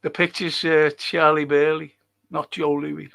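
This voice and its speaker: A man's voice: fairly high pitch, flat delivery, a little slow, creaky, a bit bright. A man hosting a fan live stream, ranting angrily with heavy swearing and arguing with his chat. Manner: heated, heavy swearing, combative. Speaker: fan show host reading live chat. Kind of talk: angry live-stream rant.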